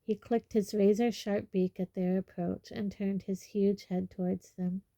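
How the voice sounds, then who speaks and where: A woman narrating a storybook chapter in a measured, expressive reading. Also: medium pitch, creaky, no echo. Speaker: audiobook reader.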